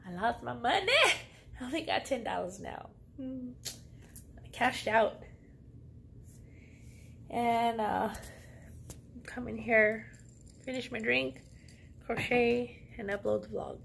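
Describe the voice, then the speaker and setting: A woman vlogger with a somewhat high voice tells a story in a casual, sassy, slangy way. Faint ambient noise sits behind her. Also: slow, gravelly, long pauses. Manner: sassy, slangy, animated retelling.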